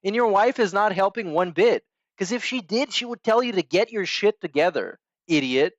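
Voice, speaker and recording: A man's voice: sits high, lively intonation, normal speed, dry recording, muffled recording. A man hosting a podcast, giving crude, sarcastic reaction commentary on stream clips.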